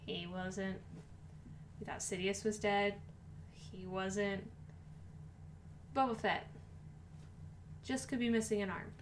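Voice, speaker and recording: A woman co-hosting a live-stream podcast, chatting casually in a playful, excitable way. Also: mid-range voice, takes it slowly, long pauses, slight background noise. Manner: playful, excitable, jokes a lot. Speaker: podcast co-host.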